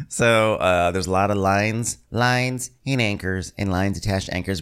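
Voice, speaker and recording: A man's voice: deep voice, unhurried, fairly bright tone, clear, resonant tone. A man co-hosting a podcast, recapping events in an easygoing, comedic way and quoting people in mock voices. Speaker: podcast co-host. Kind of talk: casual comedic recap chat.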